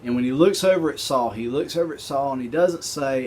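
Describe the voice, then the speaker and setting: A man teaching a recorded Bible study lesson, retelling scripture in an animated, conversational way with casual slang. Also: mid-range voice, fairly quick, hardly any pauses, slight background noise.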